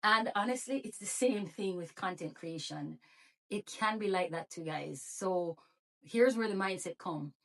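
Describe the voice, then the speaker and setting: A woman with a Jamaican accent speaks in a relaxed, motivational vlog. She works as a therapist and makes videos, and she keeps her viewers going with pep talk and repeated rhetorical questions. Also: medium pitch, unhurried, distant mic. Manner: encouraging, full of rhetorical questions. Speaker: YouTube creator and therapist.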